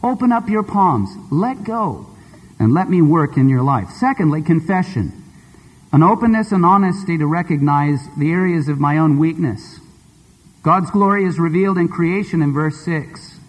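A male preacher delivers a sermon in an expressive, conversational way. His voice sits fairly high and sounds husky, with a long reverb from a large church hall. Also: moderate pace. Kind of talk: sermon with storytelling.

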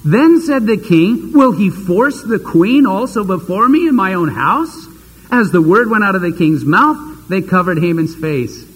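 A man's voice: sits high, in a large hall, slight background noise, rough recording. A man preaching a sermon, retelling a scripture story dramatically and acting out the characters' voices.

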